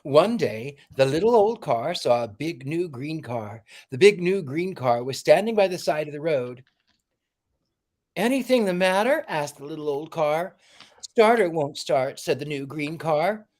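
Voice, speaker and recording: A man hosting a livestream with a warm, theatrical, exclamatory manner, chatting and reading a storybook aloud. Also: fairly high pitch, lively intonation, moderate pace, few pauses. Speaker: livestream host.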